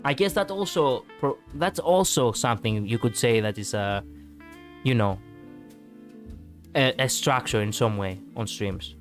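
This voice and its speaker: A man's voice: medium pitch, unhurried, faint music behind. A man from Greece with a Greek accent, chatting casually with viewers on a live stream, rambling with many fillers and restarts and laughing easily.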